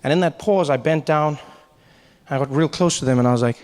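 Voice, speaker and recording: A man performing stand-up comedy, telling a story in an animated way. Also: fairly high pitch, fairly quick, background noise. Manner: animated, big voice swings for characters.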